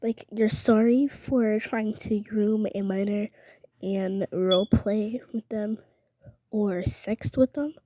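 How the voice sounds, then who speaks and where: A young woman recounts a story in a mellow voice, recorded close and dry. She sounds indignant and rambles with lots of filler words. She keeps slipping into a half-whisper. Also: mid-range voice, fairly even intonation, slow, dry recording. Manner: indignant, often drops to a whisper. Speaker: vlogger. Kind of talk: casual storytelling.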